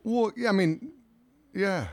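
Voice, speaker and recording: A man's voice: high-pitched, takes it slowly, no room sound. A man joking and laughing easily in a casual podcast chat. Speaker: podcast co-host.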